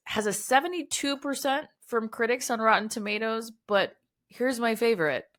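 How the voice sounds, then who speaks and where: A woman, co-hosting a podcast in casual, animated chat and often saying "y'all". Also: on the high side, moderate pace. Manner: chatty, animated, says "y'all". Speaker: podcast co-host.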